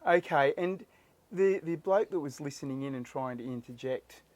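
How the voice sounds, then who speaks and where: A man's voice: on the high side, normal speed, a little mellow, no echo. Male host. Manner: brief encouraging interjections. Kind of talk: casual interview.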